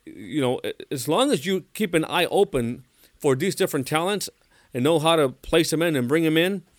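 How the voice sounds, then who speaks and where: A man's voice: fairly high pitch, lively intonation, normal speed, dry recording. Man interviewing, dry close sound. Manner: thoughtful, hesitant with fillers. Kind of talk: conversational interview.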